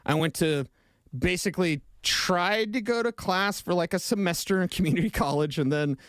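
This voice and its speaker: A man co-hosting a sports radio show in a studio, talking fast, emotional and opinionated in casual banter. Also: high voice, a bit bright, clear, resonant tone, no echo. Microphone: studio microphone.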